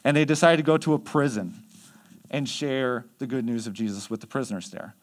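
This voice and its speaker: A man's voice: medium pitch, fairly quick. A man leading youth mission trips tells stories in a casual, conversational way, full of fillers. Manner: conversational, chatty with many fillers. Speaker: youth mission trip leader. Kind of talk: casual storytelling.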